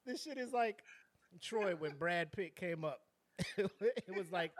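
A man co-hosting a podcast, chatting casually about video clips, telling stories with animated energy and laughing constantly. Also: high-pitched, takes it slowly, noisy background. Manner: laughs constantly, animated storytelling, acts out quotes. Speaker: podcast co-host.

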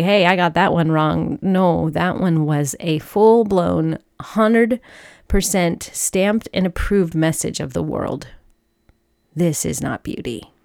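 A woman with a low voice shares a personal faith testimony with her listeners. She tells it earnestly and with feeling, voicing the people in her story. The sound is dry and close, with no room echo. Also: gravelly. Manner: earnest, emotional storytelling with quoted dialogue. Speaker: speaker sharing a personal testimony.

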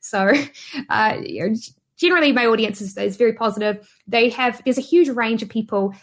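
A chatty woman with a New Zealand accent, her voice sitting a little high. She talks in a loose, casual way, full of ums and quick restarts, and laughs easily. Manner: chatty, laughing often, many fillers and restarts. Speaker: guest, online business YouTuber. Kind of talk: casual interview chat.

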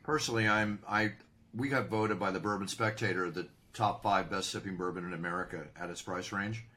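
A man's voice: low-pitched, steady tone, brisk, pushed and bright. A man speaking as a guest in a casual interview, enthusiastic about his bourbon. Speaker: bourbon brand partner.

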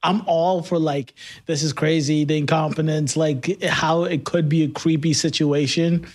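Podcast co-host, skeptical, emphatic, casual chat, mid pitch. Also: fairly even intonation, a little slow. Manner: skeptical, emphatic, laughs often.

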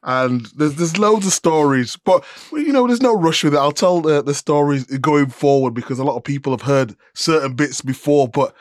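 A man's voice: fairly high pitch, dry recording, clean studio sound. A man co-hosting a podcast, chatting in a keen, joking way. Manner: enthusiastic, jokey, quick asides. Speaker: podcast co-host. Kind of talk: casual chat.

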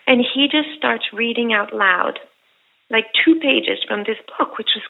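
Woman guest, chatty storyteller with a gravelly edge, heard over a thin phone-like line. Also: a little high, a little slow. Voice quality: animated, rambling with many fillers. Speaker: actress guest. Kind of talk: casual storytelling. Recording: tinny phone-like sound.

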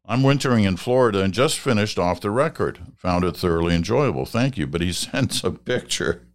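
An older man with a Canadian accent, hosting a podcast and reading listener letters aloud in a relaxed, musing way, chuckling often. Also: low voice, fairly quick. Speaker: podcast host.

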